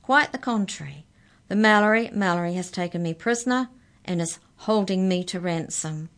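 A woman's voice: on the low side, animated, fairly bright tone, voice pushed up. A woman doing a clever, formal little mouse. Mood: persuasive. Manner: precise, formal, measured.

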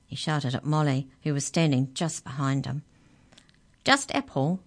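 A woman reading a children's story aloud as narrator, clear and expressive. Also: very deep voice, normal speed.

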